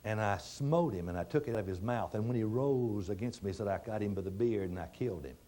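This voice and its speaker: A man's voice: fairly low pitch, fast talker, mellow, voice pushed down, natural voice. A man playing a brave young shepherd. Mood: earnest.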